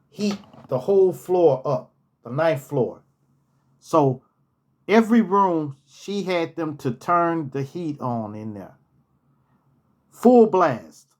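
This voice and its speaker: A man casually telling personal stories from his hotel job, repeating key phrases for emphasis. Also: a little high. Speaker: storyteller, former hotel manager.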